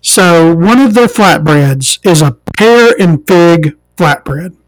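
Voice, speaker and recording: A woman's voice: on the low side, lively intonation, takes it slowly, no room sound. An American trans woman hosting a podcast, ranting casually and sarcastically with a lot of swearing. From United States, inland. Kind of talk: casual comedic rant monologue.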